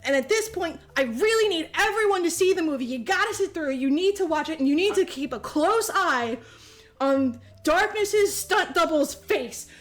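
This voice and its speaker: A woman's voice: very high voice, expressive, normal speed. A woman podcast host giving a casual comedic movie recap, rambling, swearing freely and laughing as she talks. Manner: profane, rambling, laughs often while telling.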